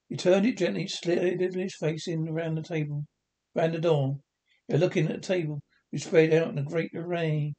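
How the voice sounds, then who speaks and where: A man's voice: steady tone, moderate pace, warm tone. Man reading a classic novel aloud. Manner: unpolished reading with frequent slips and restarts; lifts pitch for the quoted lines of the characters. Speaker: reader.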